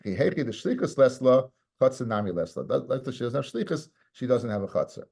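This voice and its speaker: A man's voice: medium pitch, expressive, brisk, creaky, a little mellow. Conversational male rabbi teaching Talmud. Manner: conversational, repeats words, mixes Hebrew and Aramaic terms. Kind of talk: Talmud study lesson.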